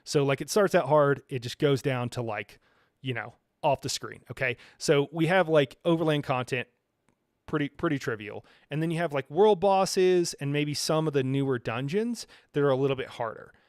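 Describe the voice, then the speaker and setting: A man's voice: fairly high pitch, moderate pace, clear, resonant tone, no room sound. Rambling man streamer, dry close sound. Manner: rambling, filler-heavy, chuckles often. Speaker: live-stream host. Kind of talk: casual gaming reaction chat.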